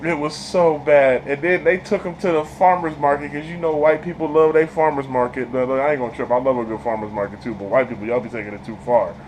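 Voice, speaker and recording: This is a mid-range male voice talking quickly with few pauses, with background noise in the clip. He casually reviews a TV episode and spoils it, animatedly recounting scenes in relaxed slang, laughing a lot and dropping into character voices.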